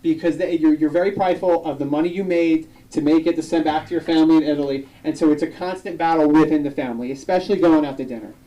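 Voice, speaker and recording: A young man performs stand-up on a comedy club stage, spinning loose, chatty stories and snapping into quick quoted voices. His tone is mellow and rounded. He sounds a little distant from the microphone. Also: on the high side, fairly even intonation. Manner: loose, conversational storytelling with quick acted quotes. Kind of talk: live stand-up set.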